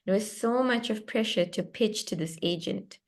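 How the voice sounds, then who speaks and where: A young South African woman speaks over a video call in a middle-pitched voice. She is an author telling her story with lively energy. She laughs easily and interrupts herself as she goes. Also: moderate pace. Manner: animated, laughing, lively and expressive, with self-interruptions. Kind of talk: storytelling in a book club chat. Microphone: computer mic on a video call.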